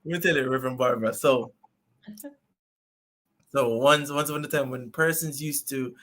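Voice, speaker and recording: A man with a Jamaican accent, chatting as a guest in an interview, animated and laughing often. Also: medium pitch, moderate pace. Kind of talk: casual interview chat.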